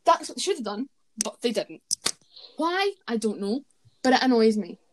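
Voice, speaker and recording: A woman's voice: on the high side, very animated, moderate pace, noisy background. A woman co-hosting a casual podcast chat, opinionated and rambling, often correcting herself mid-sentence. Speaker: podcast co-host. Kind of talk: casual wrestling review chat.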